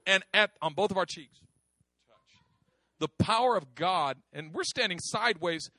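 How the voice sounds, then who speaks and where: A middle-aged man preaching, telling a story with lively acted-out voices and frequent laughter. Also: high-pitched, unhurried, no echo. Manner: animated, acts out voices, laughs often. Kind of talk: sermon storytelling.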